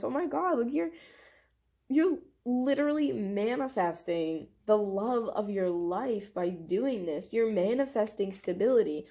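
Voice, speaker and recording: A young woman talking straight to camera through a tarot reading, gushing and excitable, full of "like". Her voice is mellow and warm, sitting at a middle pitch. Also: unhurried. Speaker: tarot reader.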